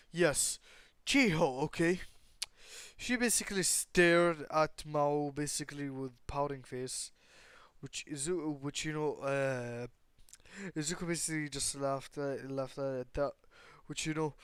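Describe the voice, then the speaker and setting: Young male storyteller, improvised and rambling, bright clear tone, dead-dry recording. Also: a little high, unhurried, dry recording. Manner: rambling, many fillers and restarts, swears casually. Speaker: fan storyteller. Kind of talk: improvised fan story narration.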